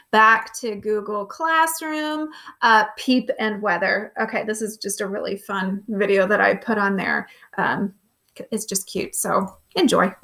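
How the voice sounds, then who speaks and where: A woman's voice: on the high side, a bit bright. A woman, a grade-school teacher walking her pupils through the day's lesson, asking them simple questions as she goes. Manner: patient, asks children simple questions. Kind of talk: recorded remote lesson walkthrough.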